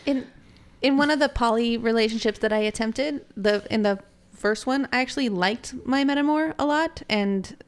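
A woman's voice: fairly high pitch, moderate pace. A woman co-hosting a podcast in casual chat, frank and chatty, laughing easily. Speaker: podcast co-host.

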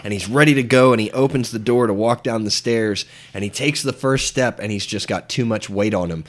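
A man's voice: on the low side, brisk. A man co-hosting a casual film chat, retelling scenes with sound effects. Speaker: podcast co-host. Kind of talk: casual chat about movies.

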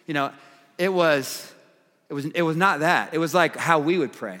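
A man preaching a sermon, reading scripture and acting out its voices, swinging between emphatic highs and quiet, earnest lows. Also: normal speed, long reverb tail.

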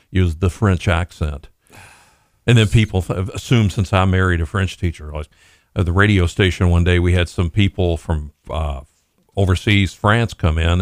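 A man's voice: low voice, a little mellow, no room sound, clean studio sound. An older man with a Kentucky accent, co-hosting a radio show and telling jokey stories in a casual way. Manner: storytelling, jokey. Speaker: radio co-host.

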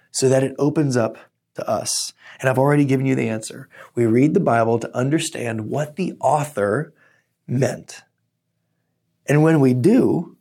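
A man's voice: medium pitch, breathy edge. A man pastor preaching a teaching sermon, opening in prayer and telling stories with energy. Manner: earnest teaching, animated storytelling.

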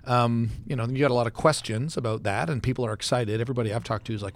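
A man hosts a church podcast in a relaxed, rambling way, circling back and restarting his thoughts. His mid-pitched voice has a gravelly edge to it. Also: quick pace, hardly any pauses. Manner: rambling, chatty, many fillers and restarts, laughs easily. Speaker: podcast host and church pastor. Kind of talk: casual podcast conversation. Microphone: studio mic.

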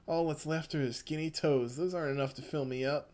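A man doing a starving castaway who has gone off the deep end, his voice pushed well above normal and stretched thin. He coaxes, whines and snaps like a desperate cartoonish madman. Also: steady tone, a little fast, darkish tone, lightly acted. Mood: whiny. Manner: wheedling then snapping, high and strained. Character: starving shipwrecked man turned unhinged and menacing.

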